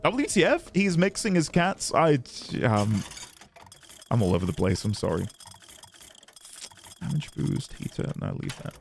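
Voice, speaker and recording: A man's voice: a little high, animated, measured pace, gravelly, long pauses, slight background noise. Rambling, laughing male game streamer. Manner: rambling, laughs often, talks to chat. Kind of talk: casual gaming livestream chat.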